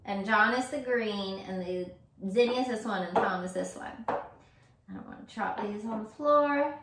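A woman's voice: mid-range voice, very noisy. A woman, gushing with delight in a casual vlog. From Virginia, US. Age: 30s. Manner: effusive, gushing, slow and drawn-out. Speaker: vlogger. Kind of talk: casual gift-opening vlog. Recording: roomy echo.

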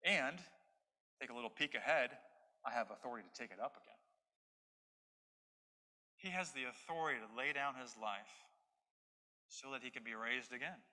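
A man's voice: medium pitch, expressive, normal speed, pauses often, pushed and bright. A man preaching an expository sermon as pastor, stressing his points through repetition. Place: church sanctuary. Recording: long hall reverb.

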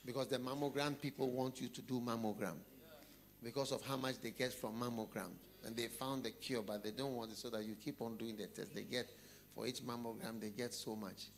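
A man preaching a sermon, telling a story and putting questions to his listeners, often dropping low and quiet. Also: fairly even intonation, brisk.

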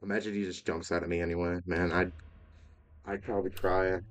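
A man's voice: deep voice, flat delivery, brisk. A man giving let's play commentary, talking to the game's characters and breaking into startled exclamations. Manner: talks to game characters, frequent startled exclamations. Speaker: gaming video host.

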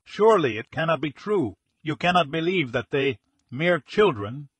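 A man voicing a hysterical, slow-witted wealthy middle-aged man who cries out in alarm in a detective audiobook. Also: fairly high pitch, husky, no echo, pitched above the performer's own voice. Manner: excitable, crying out in alarm.

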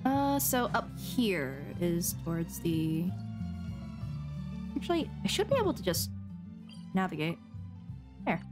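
A woman's voice: on the low side, very animated, slow pace, pauses often. A woman streamer giving casual, chatty commentary as she plays, talking to herself and giggling often. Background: game music.

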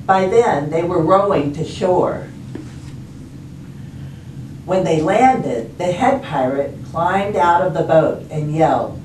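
Slow, expressive librarian reading aloud. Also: female voice, deep voice, a little hiss or hum. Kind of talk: storybook read-aloud. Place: library storytime room. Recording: roomy, distant, faint ambience.

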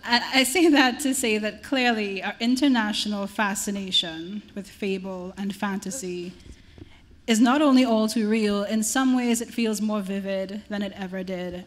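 A woman moderates a literary panel and puts thoughtful questions to two writers. She speaks in a measured way with mid-range pitch. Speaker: panel chair.

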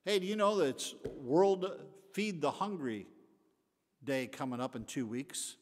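A man's voice: a little high, lively intonation, measured pace, in a large hall. A man voicing a chatty barnyard chicken in a joke within his sermon, breezy and persuasive. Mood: joke telling. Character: chatty barnyard chicken planning a charity donation.

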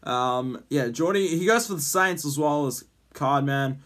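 A man's voice: on the high side, a little slow, fairly bright tone. A man hosting a casual vlog, rambling with lots of ums and jokey teasing. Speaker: YouTube host.

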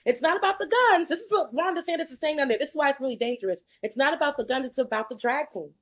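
A young woman from Florida co-hosting a casual panel discussion, emphatic and animated, slipping into mocking impressions. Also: high voice, racing. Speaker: podcast co-host.

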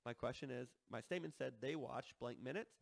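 A man's voice: mid-range voice, fairly quick, vocal fry, no room sound. A man teaching a math lesson, explaining step by step and checking in with listeners as he works through problems.

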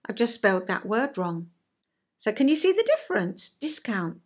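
A woman's voice: medium pitch, sing-song, moderate pace. An older woman and retired counsellor giving a chatty, homely explanation in her vlog, full of rhetorical questions.

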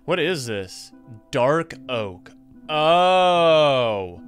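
A young man casually commenting on his own gameplay, excitable and jumpy, chatting to the animals on screen. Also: a little high, extremely slow, faint music behind. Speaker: gaming YouTuber. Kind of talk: casual let's-play commentary.

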